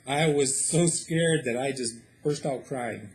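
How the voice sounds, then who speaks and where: A man's voice: mid-range voice, measured pace, hardly any pauses, a little hiss or hum. A man reading a short story aloud and translating it line by line, explaining in a casual way with lots of fillers.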